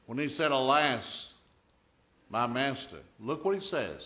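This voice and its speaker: Animated man preaching a sermon, echoey and dull. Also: medium pitch, fairly quick. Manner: animated storytelling, swinging from loud to hushed.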